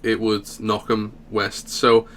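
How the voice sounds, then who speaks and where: A man's voice: on the low side, monotone, slow, fairly bright tone, slight background noise. A young man casually telling a story from school, chuckling now and then.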